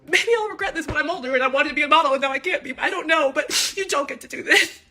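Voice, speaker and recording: 20 y/o woman venting into the camera, high voice, rambly, keeps tripping over herself, nervous little laughs. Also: fast, sharp tone, faint music behind. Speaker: daughter speaking out in a personal video. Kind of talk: emotional unscripted monologue.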